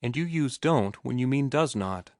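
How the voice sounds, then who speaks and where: A man's voice: mid-range voice, lively intonation, moderate pace, no echo, clean studio sound, lightly acted. A man voicing a refined young woman who patiently and precisely corrects someone's speech. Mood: instructive.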